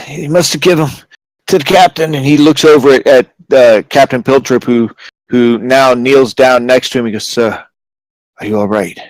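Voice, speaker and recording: A man narrating a tabletop game as game master, halting and dramatic with many restarts. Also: medium pitch, steady tone, no echo, poor audio.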